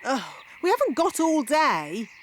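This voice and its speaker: An actress voicing a bossy, scatterbrained fairy nanny in a cartoon, prim and brisk. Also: female voice, high-pitched, very animated, slight background noise. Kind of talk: cartoon voice acting.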